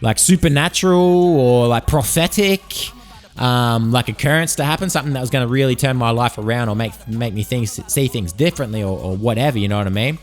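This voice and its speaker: A man's voice: mid-range voice, fairly quick, faint music behind. A man hosting a solo podcast, joking and meandering as he swears freely through tall tales. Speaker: podcast host. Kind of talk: rambling solo podcast monologue.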